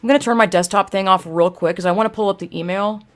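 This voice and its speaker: A young woman with a medium-pitched voice talks fast, ranting casually and profanely to her live chat as a video creator. She fumbles through her phone while she talks on the livestream.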